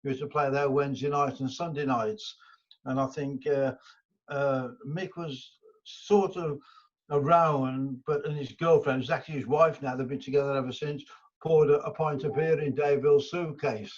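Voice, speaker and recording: A guest musician, an older man from England, tells casual stories in an interview at a moderate pace. His mid-range voice holds a steady tone, though he rambles with many restarts and fillers, and the audio is dull and lo-fi.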